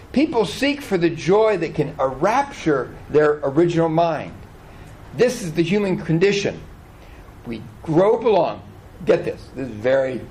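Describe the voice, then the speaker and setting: A man preaching a sermon as pastor of a church, animated, often asking the congregation questions. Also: fairly high pitch, slight background noise, poor audio. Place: church hall.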